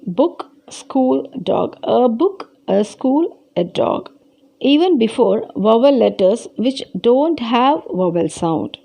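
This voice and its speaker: A woman schoolteacher with an Indian English accent walks children through a grammar lesson, repeating each rule. Her voice sits fairly high yet sounds mellow, with a gravelly edge. She speaks slowly and patiently. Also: big pitch swings. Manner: slow, patient explaining with repeated key points. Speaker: school teacher.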